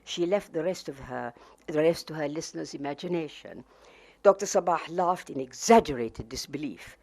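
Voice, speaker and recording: A woman's voice: deep voice, animated, moderate pace, gravelly, a little mellow. An older woman from Palestine reading from her memoir in a wry, anecdotal way. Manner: wry, anecdotal, with fillers and laughs. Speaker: author.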